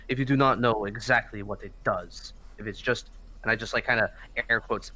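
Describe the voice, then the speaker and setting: Man, player, bright tense voice, lower pitch, blunt. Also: steady tone, normal speed, low-quality recording. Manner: blunt, lecturing. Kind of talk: tabletop role-play.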